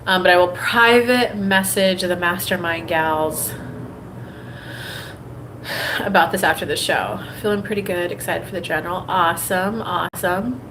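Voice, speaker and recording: Woman doing a spiritual live show, casual and chatty, slips into little quoted voices, bit of faint hiss behind. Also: unhurried. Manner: conversational, acts out quoted inner voices in a higher tone; repetitive and rhythmic when making a point. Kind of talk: livestream talk with a channeled-style message.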